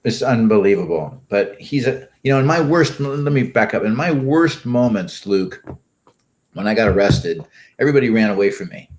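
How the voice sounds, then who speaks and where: A man's voice: lowish voice, expressive, normal speed. An older man, a guest in an interview, talking casually with many restarts and fillers.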